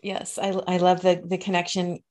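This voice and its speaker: A woman co-hosting a podcast, chatting casually and warmly affirming her co-host. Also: fairly low pitch, monotone, moderate pace. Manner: enthusiastic, warm and affirming. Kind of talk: casual chat.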